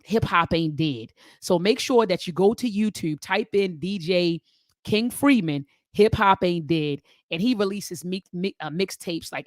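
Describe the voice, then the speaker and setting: A woman, hosting a casual talk show and telling a story, animated whenever she quotes others. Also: mid-range voice, no echo, clean studio sound. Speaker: host.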